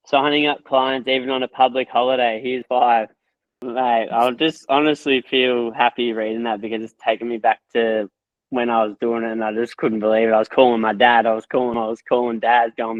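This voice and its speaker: A man in a casual chat, gushing with excitement and swearing freely. His voice stays flat in pitch and sits fairly close to the mic. The sound is dry and a bit muffled, as if the recording has been dulled. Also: normal speed, no echo. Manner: excitable, swears a lot, repeats and restarts. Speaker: guest, course creator.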